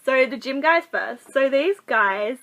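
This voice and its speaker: A woman's voice: high voice, expressive, measured pace, fairly bright tone, poor audio. A young woman giving casual dating advice in a chatty vlog, full of fillers and acted-out quotes. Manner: chatty, full of likes, acts out quoted people. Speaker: vlogger.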